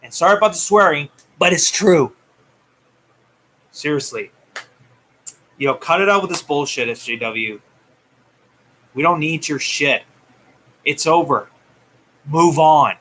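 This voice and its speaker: Bright-voiced man ranting heatedly. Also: fairly high pitch, unhurried, pauses often. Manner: heated, taunting, swings loud and soft. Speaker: movie news vlogger. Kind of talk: ranting commentary.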